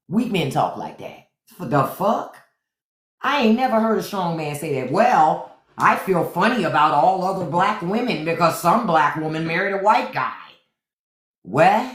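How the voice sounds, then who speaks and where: Guy ranting on a live stream, cussing a lot, voice all over the place, kinda echoey. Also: on the high side. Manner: blunt, profane, animated. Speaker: podcast host. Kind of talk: livestream rant. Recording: echoey room.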